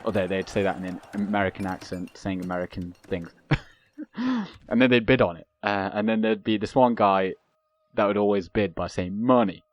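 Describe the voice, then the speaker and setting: With a fairly low, fairly even voice at normal speed, a young man who hosts a gaming channel narrates a let's play of a strategy game. His commentary is loose and talkative, with the occasional laugh.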